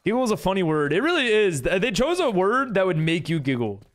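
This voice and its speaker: A man streams a game live, chatting casually and reading his viewers' messages aloud, answering with rambling talk and frequent giggles. His voice is high-pitched and sing-song, and he talks fast.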